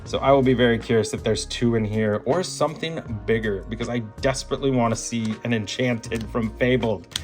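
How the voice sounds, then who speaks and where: A man's voice: medium pitch, a little fast, faint music behind. A man hosting a card-opening vlog, calling out each card and gushing when a big pull appears. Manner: gushing, animated, breaks into laughter and shouts at big pulls. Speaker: card-opening channel host. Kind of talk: excited pack-opening vlog.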